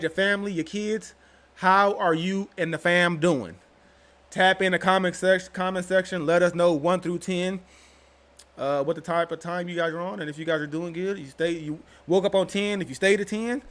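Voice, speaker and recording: Speaking a little fast in a high, fairly bright voice, this young man runs his own channel and addresses viewers straight on. His vlog-style commentary is casual, loose, and full of slang.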